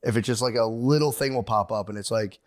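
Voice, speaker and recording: In a loose, wandering chat on the comedy podcast he co-hosts, this comedian father curses often and performs the lines he quotes. He talks fast in a mid-range voice.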